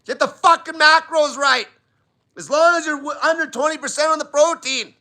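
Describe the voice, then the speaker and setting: A man's voice: very high-pitched, normal speed, bright, forceful tone. A man hosting a live diet Q&A, talking bluntly and swearing constantly in an emphatic rant. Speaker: diet channel host.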